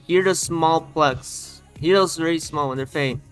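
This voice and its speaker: Fairly high-pitched yet unhurried, this YouTuber rants animatedly about how a song was produced, repeatedly pointing out sounds while the music keeps playing behind him.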